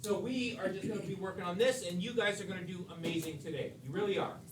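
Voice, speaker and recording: A man's voice: high-pitched, fast talker, crowd noise. A male teacher lecturing a class and teasing his students with jokes as he goes. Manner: teasing, joking banter with students. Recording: echoey classroom, distant mic, faint room noise.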